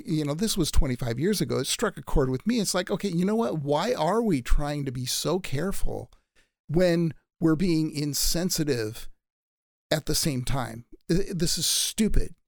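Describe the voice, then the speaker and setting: A man's voice: on the high side, creaky, no echo. Emphatic man, dry close sound. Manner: emphatic, opinionated. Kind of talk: casual conversation.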